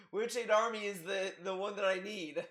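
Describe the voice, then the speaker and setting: A man's voice: high voice, a little slow, fairly bright tone. A man giving casual commentary, rambling with frequent restarts and asides. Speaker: commentary youtuber.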